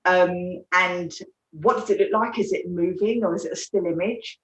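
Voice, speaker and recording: A woman, a therapist telling a personal story in an earnest, soft-spoken way, often restarting her sentences. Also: fairly low pitch, normal speed, lo-fi sound. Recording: roomy echo, mic at a distance.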